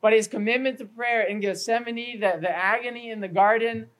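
A man's voice: high voice, fairly even intonation, a little fast, fairly bright tone, rough recording. Earnest man preaching a sermon. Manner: earnest preaching through numbered points with scripture references; stumbles and repeats words now and then. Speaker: pastor. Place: church evening service.

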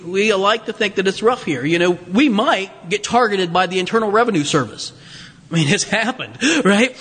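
A man preaching a sermon in a conversational, animated way, with restarts and rhetorical questions. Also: high-pitched. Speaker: pastor. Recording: long reverb of a large hall.

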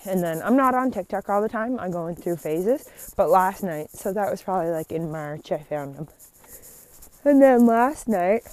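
A woman vlogging in a casual, rambling chat, excitable and gushing as she talks. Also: mid-range voice. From Canada.

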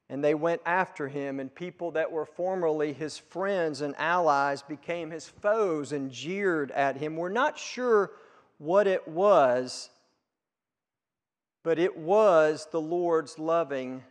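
Slow-preaching man in a reverberant hall. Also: a little high. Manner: preaching with emphatic rises and drops, quoting scripture. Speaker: pastor. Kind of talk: sermon.

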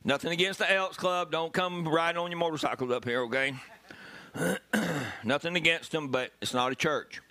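A man preaching a sermon as pastor, animated and bursting into loud emphasis. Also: on the high side, normal speed.

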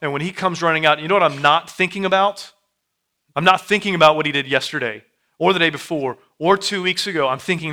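A man in his thirties preaching a sermon in a church, repeating and building his phrases, dropping to a hush and then rising loud. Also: on the high side, fast talker. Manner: repetitive, building phrases, swings from hushed to loud. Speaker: pastor. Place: church sanctuary.

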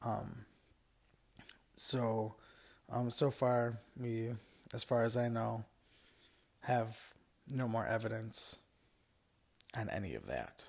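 A man's voice: lowish voice, slow pace, vocal fry, pauses often. A man hosting a podcast, reading listener stories aloud in a casual, rambling way with lots of fillers and asides. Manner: rambling, frequent fillers and asides, laughs often. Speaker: podcast host.

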